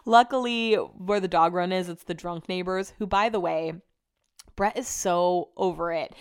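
A young woman hosting a podcast, telling home stories in a casual, chatty way, swearing freely and acting out quotes in a higher voice. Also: brisk, smooth. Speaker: podcast host. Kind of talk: casual storytelling chat.

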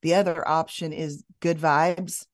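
A woman who is a guest author, speaking in an earnest, reflective and sometimes halting way. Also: sits low, steady tone, no echo, studio quality. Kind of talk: earnest conversational sharing.

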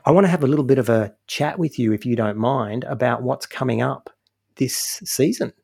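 A man co-hosting a podcast in casual chat, joking and animated. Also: mid-range voice, normal speed, gravelly, husky. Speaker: podcast co-host.

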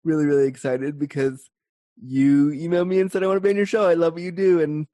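A Canadian woman hosting a podcast, chatting in a lively, rambling way with quick tangents. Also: deep voice, dry recording. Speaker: podcast host. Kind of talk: casual interview chat.

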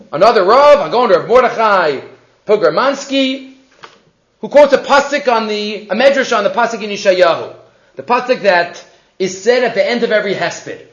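Male Torah teacher, very high and lively voice, animated lecture, muffled recording in an echoey room. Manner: animated, asks many rhetorical questions. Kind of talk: weekly Torah class lecture.

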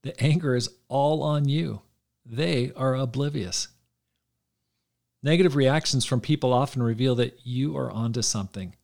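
A man hosting a podcast, reading aloud from his own book in an earnest, measured way. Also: mid-range voice, vocal fry, a little mellow. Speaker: podcast host.

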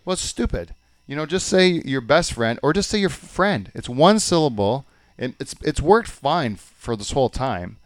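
A man's voice: medium pitch, big pitch swings, normal speed, no room sound. A middle-aged man hosting a podcast, ranting and exasperated in casual chat and swearing freely. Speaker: podcast host.

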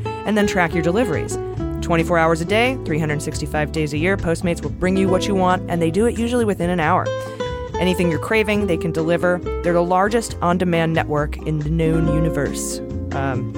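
A woman co-hosting a political podcast, talking casually in a blunt, profane, sarcastic way. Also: low voice. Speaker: podcast co-host.

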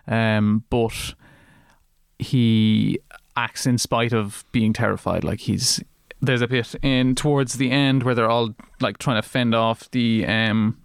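A man's voice: medium pitch, steady tone, a little slow, smooth, no room sound, studio quality. A man co-hosting a podcast, talking casually about films in a rambling way with many restarts. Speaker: podcast co-host. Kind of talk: casual film discussion.

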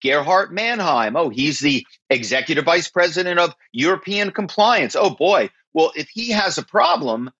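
A man's voice: fairly high pitch, expressive, normal speed, few pauses, sharp tone, husky, voice pushed up, heavily acted. Man doing a flustered eager office worker. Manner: flustered, breathless, people-pleasing. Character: flustered eager-to-help male office employee. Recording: slightly dull, dry.

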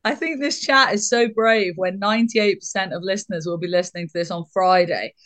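A woman's voice: mid-range voice, a bit bright, no echo. Teasing woman hosting a podcast. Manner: teasing, brisk presenter. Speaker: podcast host. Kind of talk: casual chat.

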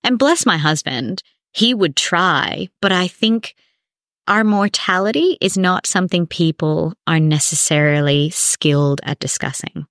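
A woman speaking as a podcast guest, telling a personal story in a candid, animated way. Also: on the low side, unhurried, dry recording, studio quality. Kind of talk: emotional personal conversation.

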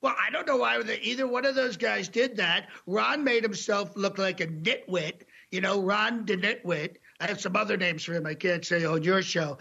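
A brash older president who brags, rambles and hands out mocking nicknames, as a man puts him on for a comedy bit. The voice sits high and sounds gravelly, with a bright, forceful edge. The recording is dull and lo-fi. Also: moderate pace, hardly any pauses, exaggerated voice. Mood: boastful. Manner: bragging, rambling, name-calling. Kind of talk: comedy impression interview.

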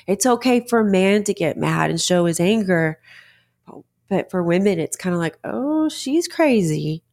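Earnest woman, lower voice. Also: moderate pace, a little mellow. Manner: earnest, conversational, with many fillers and restarts. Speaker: podcast host, author. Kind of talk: casual monologue.

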